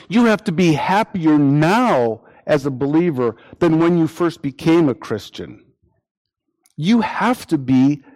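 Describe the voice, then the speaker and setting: A man preaching a sermon, repeating phrases for emphasis and acting out imagined quotes in lively voices. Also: a little high.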